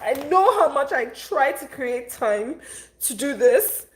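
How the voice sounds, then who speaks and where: A woman's voice: high voice, very animated, slow pace. A young woman vlogging on a live stream, tearful and upset, venting in casual rambling chat.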